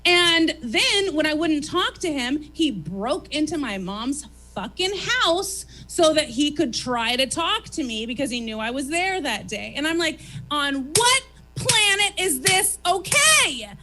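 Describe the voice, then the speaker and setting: Brief: woman talk-show host, high and lively, swearing, animated stage rant. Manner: animated, profane, rapid-fire ranting. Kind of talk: stand-up style chat on stage. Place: comedy theater stage.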